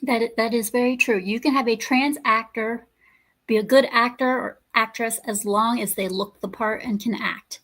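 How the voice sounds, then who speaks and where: A woman's voice: a little high, steady tone, moderate pace, fairly bright tone. A woman hosting a podcast in casual chat, ranting bluntly with swearing and many fillers. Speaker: podcast host.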